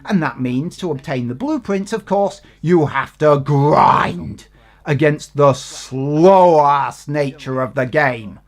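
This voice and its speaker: A man's voice: a little high, slow pace. A man giving an exasperated, sweary, sarcastic rant in a game review.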